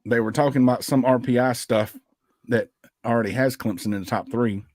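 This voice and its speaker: A man's voice: medium pitch, steady tone, a little fast, darkish tone, no echo, studio quality. A man co-hosting a casual sports podcast, upbeat and chatty, running through news and show announcements. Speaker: podcast co-host.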